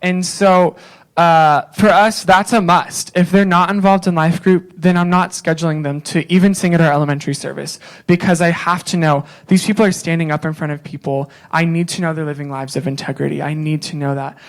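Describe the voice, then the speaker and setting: A man's voice: a little high, fairly even intonation, a little fast. A young man, a worship leader, speaking candidly and casually at a church conference session, with many fillers.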